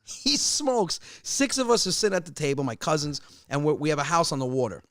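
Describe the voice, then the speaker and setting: A young man, a stand-up comedian, telling family stories in a podcast interview, animated and jumping way up in pitch on punchlines. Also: fairly quick, no echo, clean studio sound.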